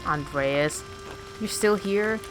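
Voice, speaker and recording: A woman's voice: lowish voice, slow, low-quality recording. A woman reading an anxious haunted male artist. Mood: pleading. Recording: game music behind.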